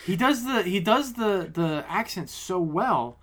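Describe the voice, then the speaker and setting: A man's voice: sits high, animated, a little slow, a bit bright. A man hosting a casual movie podcast, teasing his co-hosts and laughing often. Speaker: podcast host.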